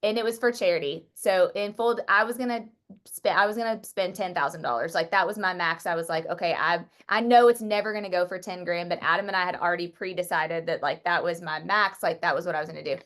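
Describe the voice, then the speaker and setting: A woman speaking at a Bible study, telling a personal story to the group in a chatty, excitable way with many filler words. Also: lowish voice, fast talker.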